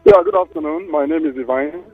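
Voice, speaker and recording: A Nigerian man calling in to a radio show, animated and hesitant, repeating himself. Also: on the high side, brisk, creaky, breathy edge, dry recording, faint music behind. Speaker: caller. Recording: tinny phone line.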